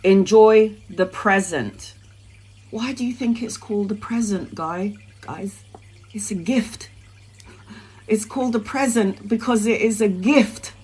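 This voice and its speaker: A woman's voice: medium pitch, a little slow, a little mellow, husky, rough recording. A woman, talking on a live stream in an emphatic, rambling way that is peppered with swearing. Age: 40s. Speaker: tarot reader live streamer.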